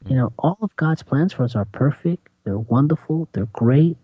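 A man preaching in a conversational sermon, animated and acting out voices with big jumps in pitch. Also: normal speed, breathy edge, dry recording. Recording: dull lo-fi sound.

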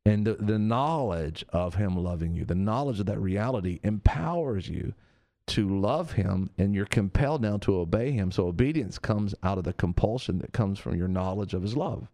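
A man preaching in a relaxed, conversational way, his voice sitting a little low. He is earnest and circles back over his points, now and then slipping into the voices of the people he quotes. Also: normal speed. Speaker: preacher on a radio show.

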